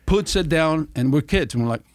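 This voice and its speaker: A middle-aged man telling stories as a podcast guest, animated and swearing freely as he acts out what people said. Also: a little high, brisk, no echo, clean studio sound. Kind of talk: casual storytelling.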